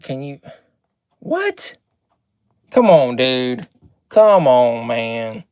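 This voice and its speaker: A man's voice: medium pitch, a little mellow, clean tone, no room sound, studio quality. A man hosting a live card break stream, chatting, reading out names and card numbers, and sometimes getting irritated.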